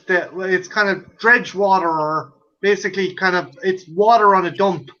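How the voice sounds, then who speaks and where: A man's voice: high voice, normal speed, hardly any pauses, sharp tone. A man chatting casually on a stream, swearing freely and telling gory anecdotes. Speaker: podcast co-host. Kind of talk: casual chat. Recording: dull lo-fi stream audio.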